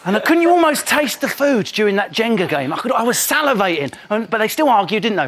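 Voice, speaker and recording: A man with a Cockney accent doing a cheeky comic monologue on a TV panel show, riffing quickly. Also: high voice, sing-song, fairly bright tone. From London. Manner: quick cheeky jokey delivery, mimicking people. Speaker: comedian panelist.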